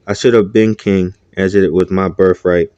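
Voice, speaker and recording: A man's voice: low-pitched, fairly even intonation, moderate pace, mellow, clear, resonant tone, no echo, lo-fi sound, natural voice. A man voicing a bitter young man who claims he was the rightful heir, speaking in a resentful, accusing way.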